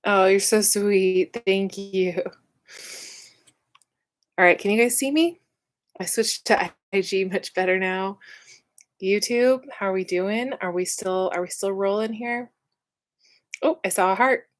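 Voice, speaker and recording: A woman's voice: medium pitch, a little slow, long pauses, poor audio. A young woman hosting a casual livestream, chatty and emotional, with plenty of fillers. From Southern California. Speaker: channel host.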